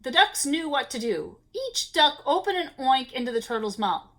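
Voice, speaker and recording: A woman reads a children's picture book aloud, playful and expressive. Her voice is high and swoops widely, pitched for young listeners. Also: moderate pace. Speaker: storyteller. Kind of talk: children's storybook read-aloud.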